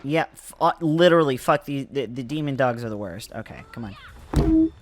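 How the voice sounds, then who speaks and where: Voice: mid-range voice, lively intonation, moderate pace. A game streamer with a Texan accent, swearing and joking sarcastically while playing. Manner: profane, sarcastic, laughing asides. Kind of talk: casual gameplay commentary.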